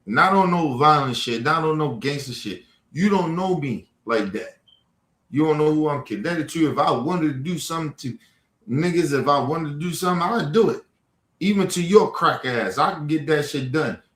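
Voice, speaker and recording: A man's voice: on the high side, expressive, normal speed, a bit bright. A man hosting a livestream, confronting trolls in the chat in a heated, profane rant. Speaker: livestream host. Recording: echoey room.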